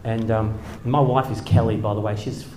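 A man's voice: fairly low pitch, steady tone, moderate pace, background noise. Man, middle-aged, wry storytelling, chuckling asides, echoey hall, faint background ambience. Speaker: speaker, former church leader. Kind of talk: humorous storytelling talk. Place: hall with a live audience.

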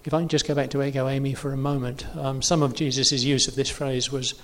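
A man's voice: mid-range voice, little pitch movement, quick pace. A man preaching in an informal teaching talk, chatty and self-correcting with many fillers. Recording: long hall reverb.

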